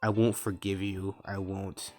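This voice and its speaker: A man reading a cold female shadow being in a story game, flat and quiet. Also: deep voice, a little slow, soft background music.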